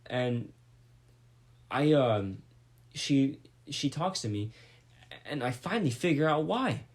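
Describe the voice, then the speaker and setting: A man hosting a podcast, casually retelling a mishap with lots of swearing and animated energy. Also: medium pitch, takes it slowly. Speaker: podcast host. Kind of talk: casual storytelling.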